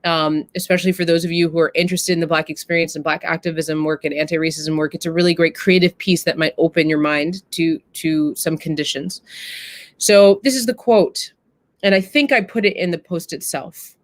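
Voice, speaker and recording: A woman's voice: lowish voice, fairly quick, dry recording. A woman hosting a live stream, talking earnestly and casually and addressing her viewers directly. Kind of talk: casual reflective talk to viewers.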